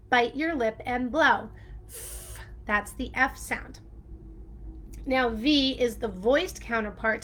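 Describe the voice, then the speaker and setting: A woman speech-language pathologist explaining a speech sound step by step, bubbly and quick to laugh. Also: on the high side, bright, forceful tone. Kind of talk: upbeat instructional video with a sung intro.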